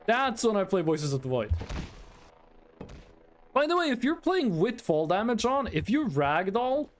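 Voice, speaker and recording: A man's voice: high voice, big pitch swings, measured pace, a little hiss or hum. A man from Norway, chatting casually with his stream chat in a playful, rambling, teasing way.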